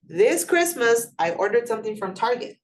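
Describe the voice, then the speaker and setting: A woman's voice: fairly high pitch, very animated, moderate pace. Woman lecturing a class conversationally. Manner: conversational, poses questions to the class. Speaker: instructor.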